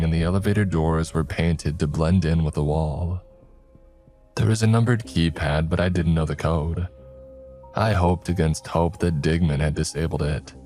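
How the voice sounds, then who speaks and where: A man narrating a first-person horror story in a measured, low-key way. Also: a little mellow.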